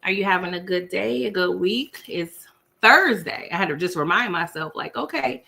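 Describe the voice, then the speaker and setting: Speaking at a moderate pace in a low, gravelly voice that sounds pushed and bright, this US East Coast woman chews her dinner during a casual livestream. She chats with viewers and laughs into a laptop mic, her regional accent coming through.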